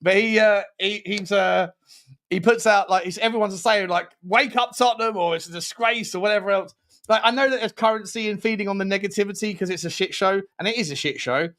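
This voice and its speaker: A man's voice: sits high, a little fast, fairly bright tone. A young man hosting a live stream, chatting casually, reading out viewer comments, swearing and laughing often. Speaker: host.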